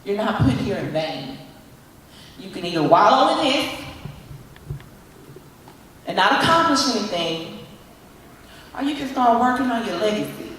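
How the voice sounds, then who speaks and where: A woman motivational speaker giving an animated talk, coaxing audience volunteers with repeated calls. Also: mid-range voice, unhurried, long pauses, a little hiss or hum. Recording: echoey hall from far off.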